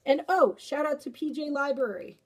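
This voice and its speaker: High-voiced woman reading a storybook aloud. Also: normal speed. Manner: animated storyteller, chatty with fillers afterward. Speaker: early-childhood educator. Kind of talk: reading a picture book aloud, then informal reflection.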